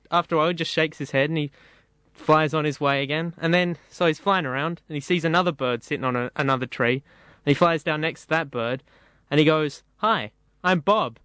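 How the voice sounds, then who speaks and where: A man telling a rambling joke in a casual, animated way, breaking into little voiced bits. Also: a little high, no room sound.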